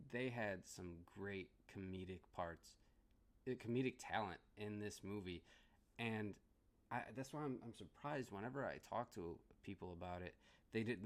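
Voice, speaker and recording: A man's voice: fairly low pitch, moderate pace. A man giving a casual movie review, rambling and laughing often as he restarts his sentences.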